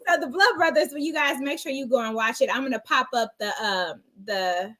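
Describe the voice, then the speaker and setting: A woman's voice: high voice, fairly quick, fairly bright tone. A woman hosting an interview show, asking questions in a playful, teasing way. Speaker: show host. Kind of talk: casual interview chat.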